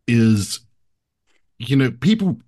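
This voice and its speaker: A man casually discussing a film, speaking haltingly with restarts and blunt swearing. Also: medium pitch, very animated, warm tone. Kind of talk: casual movie review chat.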